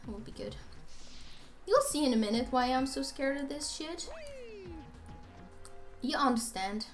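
High, lively young woman gaming. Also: measured pace. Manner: chatty, rambling, bursts into squeals and laughs. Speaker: let's play gamer. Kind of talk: casual gameplay commentary. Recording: faint game music behind.

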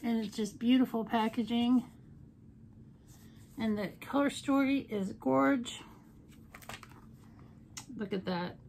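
A chatty woman demonstrating makeup in a relaxed tutorial. Her voice sits a bit higher than most. She talks playfully and drops jokey asides, with a faint hiss behind her. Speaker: beauty vlogger. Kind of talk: casual makeup tutorial chat.

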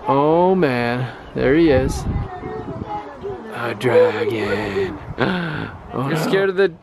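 A man's voice: fairly high pitch, slow pace, creaky, a loud crowd, poor audio. A man, a family vlogger and dad, chatting playfully to the animals as he films outdoors on a farm with a handheld camera. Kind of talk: casual vlog narration. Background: music.

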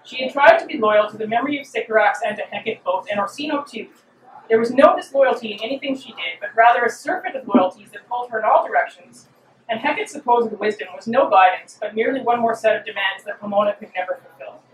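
A woman author reading her own fiction aloud at a live event, in a measured, expressive way. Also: a little high, far from the mic, a little hiss or hum. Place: reading venue. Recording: roomy hall, mic from afar.

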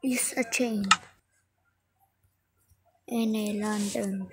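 Slow, apologetic woman. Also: medium pitch, steady tone. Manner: halting and apologetic, step-by-step instructions. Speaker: gaming tutorial maker. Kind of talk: slow game tutorial voice-over. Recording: loud background noise.

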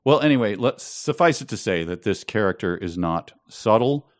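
A man's voice: on the low side, animated, moderate pace, no echo, studio quality. A man co-hosting a podcast, chatting casually about a book and reading passages aloud in mocking voices. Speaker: podcast co-host. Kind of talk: casual book-discussion chat.

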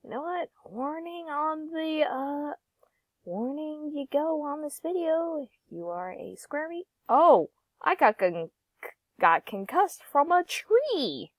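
Slow and sing-song, the young woman's voice sits high, with no echo. As a gaming YouTuber, she keeps her commentary giggly and playful, breaking into sing-song bits and whispers.

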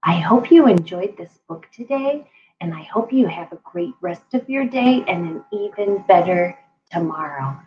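A woman librarian reading a picture book aloud to young children in an animated, playful way. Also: lowish voice, normal speed, lo-fi sound.

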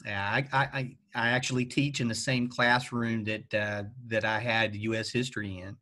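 A man with a Southern Appalachian accent answering interview questions at a halting pace, with lots of fillers. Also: on the low side, little pitch movement, bright, forceful tone. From western North Carolina. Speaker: guest, teacher.

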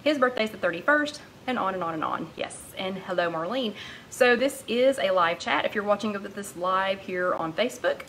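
A woman's voice: mid-range voice, lively intonation, normal speed, a bit bright, slight background noise, low-quality recording. Chatty woman greeting viewers. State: out of breath. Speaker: host of a live weight-loss chat. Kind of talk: casual live-stream chat.

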